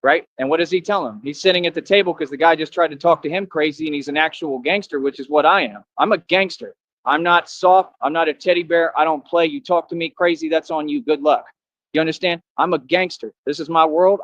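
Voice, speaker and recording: A man's voice: on the high side, fairly quick, fairly bright tone, no room sound. Man streamer, rambling and defiant, lo-fi dull sound. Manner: defiant, preachy, repetitive. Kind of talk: rambling monologue to viewers.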